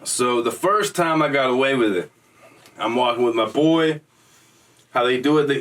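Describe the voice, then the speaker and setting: A man's voice: medium pitch, fairly bright tone. Slangy streetwise man, distant mic. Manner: slangy, streetwise, acts out quoted voices. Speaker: storyteller. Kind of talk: casual storytelling.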